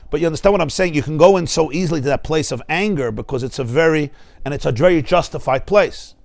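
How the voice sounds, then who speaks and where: A man, a rabbi, giving a lively, joking Torah class in a study hall, acting out the people he describes. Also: a little high, fast, gravelly. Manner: animated, joking, acts out voices of people he describes.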